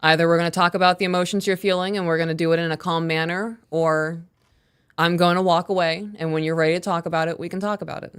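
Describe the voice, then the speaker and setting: A woman co-hosting a podcast live stream, reading listener questions and calmly explaining how she handles her kids. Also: lowish voice, clean tone. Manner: calm, measured, reads out listener questions. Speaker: podcast co-host. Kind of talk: casual live-stream Q&A chat.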